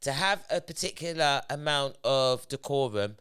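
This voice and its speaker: A woman's voice: rumbling low, expressive, normal speed, fairly bright tone, clear, resonant tone. A woman from London with a London accent, hosting a podcast in forthright, emphatic casual chat peppered with slang. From London, England. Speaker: podcast host.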